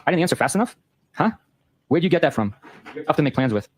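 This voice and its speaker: A man hosting a show, reading a long exchange of text messages aloud in a brisk, matter-of-fact way. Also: on the high side, big pitch swings, slightly rough, no room sound. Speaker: host.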